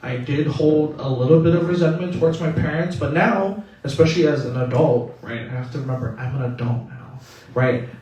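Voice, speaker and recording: A man's voice: on the high side, a little fast, mellow, muffled recording. A man moderating a panel discussion in an indoor theatre, talking conversationally and often adding "right?". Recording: echoey theatre from far off.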